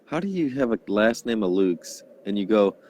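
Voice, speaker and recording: A man talking over his phone from his girlfriend's grandmother's house, halting and stopping often to restart in a casual hangout chat. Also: fairly low pitch, big pitch swings, a little mellow, a little hiss or hum. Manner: halting, full of fillers and restarts. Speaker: chat participant.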